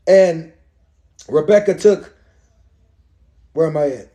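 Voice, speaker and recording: A male pastor reading scripture aloud and breaking in with lively, colloquial commentary. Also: high voice, takes it slowly, long pauses. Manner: lively, colloquial, playful asides.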